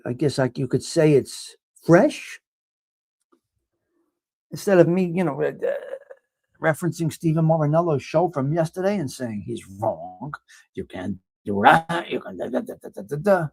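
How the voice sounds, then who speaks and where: A man's voice: a little high, animated, moderate pace, vocal fry, warm tone, breathy edge, no room sound. A man hosting a casual livestream, chatting with viewers in the comments and teasing them with mob-style jokes and swearing. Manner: joking mob-style banter, swears freely. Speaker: livestream host.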